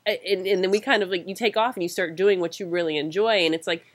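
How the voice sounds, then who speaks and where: A woman in her mid-thirties co-hosting a podcast, speaking in a halting, casual way full of "you know.". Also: fairly low pitch, steady tone. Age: 30s. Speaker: podcast co-host. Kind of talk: casual interview chat.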